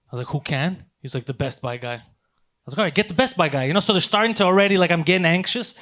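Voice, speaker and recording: A man co-hosting a comedy podcast, telling a story in a casual, animated way with plenty of swearing. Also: fairly high pitch, fast talker. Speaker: podcast co-host.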